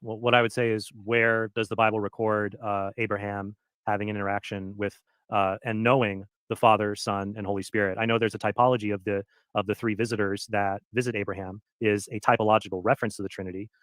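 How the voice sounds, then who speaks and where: A man's voice: fairly low pitch, level tone, fast talker, a bit bright, no room sound. A man questioning his opponent in a formal debate, probing with some hesitant fillers.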